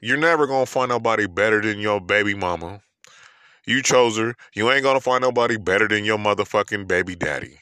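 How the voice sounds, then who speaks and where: A man's voice: fairly low pitch, brisk, sharp tone, no echo, studio quality. A man with a New York accent ranting about love in a profane, emphatic monologue full of rhetorical questions.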